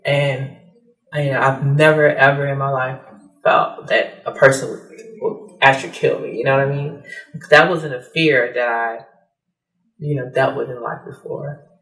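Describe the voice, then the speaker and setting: A woman giving personal testimony in a soft, hesitant way, with many fillers, acting out the lines of others as she recounts. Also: extremely low pitch, steady tone, a little slow. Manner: acts out quoted dialogue. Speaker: interviewee. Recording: roomy, mic at a distance.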